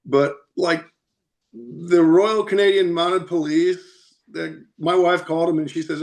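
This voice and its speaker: Podcast guest, male, slightly higher pitch, animated storyteller. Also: measured pace. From United States. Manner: animated, chatty, laughs often. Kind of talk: casual storytelling.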